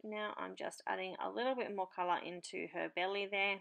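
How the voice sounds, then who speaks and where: This papercraft host speaks in a mid-range voice that's creaky and a little bright, her intonation fairly even. She talks through her marker colouring casually for a tutorial voice-over, taking her time and chatting as she goes.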